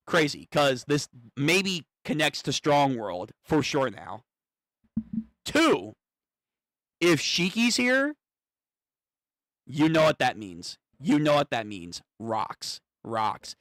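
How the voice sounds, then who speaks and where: A man streaming a live manga reaction, thinking aloud, swearing and getting excited as he reads. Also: fairly high pitch, dry recording, studio quality.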